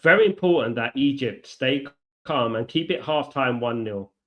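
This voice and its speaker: A man hosting a live football watchalong, chatty, reacting to play and giving shout-outs to viewers. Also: mid-range voice, lively intonation, moderate pace. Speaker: watchalong host.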